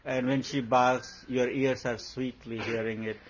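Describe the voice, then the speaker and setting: Acting out everyday scenes, a man who is a spiritual teacher talks playfully to followers and laughs along the way. He has a mid-range voice, speaks unhurriedly, and keeps his delivery flat. Faint background hum runs under the dull lo-fi recording.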